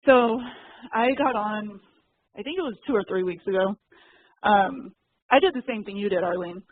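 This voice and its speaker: A woman's voice: medium pitch, normal speed, dry recording. Chatty woman on a thin call line. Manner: chatty and candid, many fillers. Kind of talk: casual chat. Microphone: call audio, muted and unmuted. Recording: thin phone-like dry call audio.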